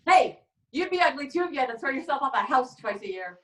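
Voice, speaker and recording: A woman doing a stand-up comedy set with a rambling, halting deadpan delivery, often trailing off and restarting. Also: high-pitched, crowd noise. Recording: echoey room, far from the mic.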